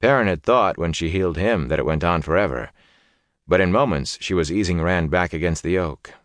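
A man narrating a fantasy audiobook in a measured, even storytelling manner. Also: low-pitched, no echo.

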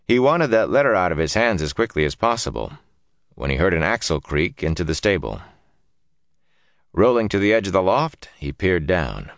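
A man with a very low voice reads a fantasy novel aloud, his tone rising and falling dramatically. The recording is close and dry, with no room sound. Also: no echo. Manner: expressive, dramatic storytelling. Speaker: narrator. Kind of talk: audiobook narration.

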